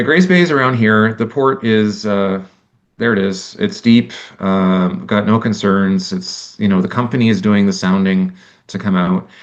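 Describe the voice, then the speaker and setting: A man giving a conversational lecture, animated and exasperated, acting out imagined exchanges and often restarting his sentences. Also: fairly low pitch, highs cut off. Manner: many restarts and self-corrections.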